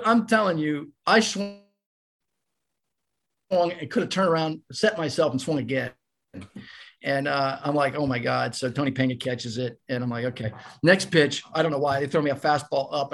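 An older man, a former ballplayer, telling a casual story as a podcast guest and acting out the voices of the people in it. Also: on the high side. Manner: animated storyteller, acts out quoted voices.

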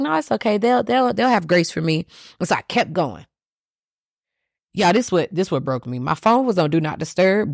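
A woman's voice: low voice, no room sound, studio quality. A woman hosting a solo podcast, talking candidly and emotionally straight to her listeners. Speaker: podcast host.

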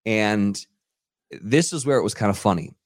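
A man guesting on a podcast, telling a long anecdote in a loose, animated way with plenty of fillers and acted-out quotes. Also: on the low side, moderate pace, no echo, studio quality. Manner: animated storyteller who acts out quotes, many fillers. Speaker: podcast guest, radio DJ and TV personality. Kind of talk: casual anecdotal storytelling. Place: podcast studio.

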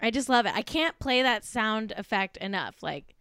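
A woman's voice: fairly high pitch, lively intonation, moderate pace, noisy background. A woman co-hosting a podcast, chatting casually about celebrity gossip, swearing often and saying "like" constantly. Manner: chatty, swears, heavy use of "like". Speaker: podcast co-host.

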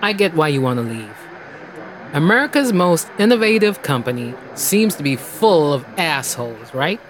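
An actor playing a heavyset, mock-friendly stranger who rambles and taunts in an audio drama. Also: male voice, fairly high pitch, sing-song, moderate pace. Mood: menacing. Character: menacing, playful heavyset man.

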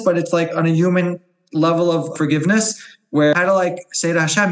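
A man's voice: a little high, fairly even intonation, fairly quick, echoey room, rough recording. A man in his forties from New York, a podcast guest, telling a personal story earnestly and candidly, often repeating words as he searches for them.

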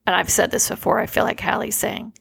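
Earnest gravelly-voiced woman chatting. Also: medium pitch, steady tone, fast talker, a bit bright. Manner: earnest, emotional, peppered with "like". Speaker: podcast host. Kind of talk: casual conversational storytelling.

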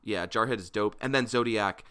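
A man's voice: on the low side, brisk, bright, forceful tone, clean tone. A young man co-hosting a podcast in casual, joking chat, who swears freely and trails off mid-sentence. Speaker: podcast co-host.

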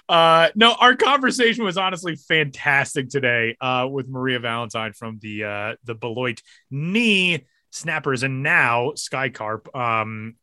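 A man hosting a casual podcast, joking around and quick to laugh. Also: mid-range voice, no echo, clean studio sound. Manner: jokey, animated, quick to laugh. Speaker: podcast host.

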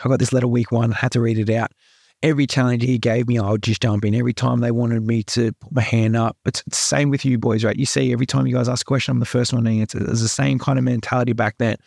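A young Australian man, guesting on a podcast, candidly and earnestly recounts his personal story, repeating himself and peppering his speech with "like" and "right." His medium-pitched, darkish voice carries vocal fry, with fairly even intonation and a fast pace. The recording is dry and clean, with studio sound.

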